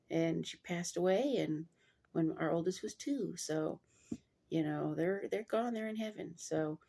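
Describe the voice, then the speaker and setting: A woman's voice: fairly low pitch, creaky, warm tone. A woman reading a Bible passage aloud and breaking off into chatty, digressive commentary full of fillers.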